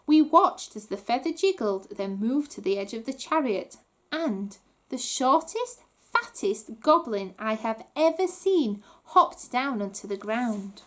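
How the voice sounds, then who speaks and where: A woman reading a children's book aloud with animated storytelling. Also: a little high, a little slow. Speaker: reader.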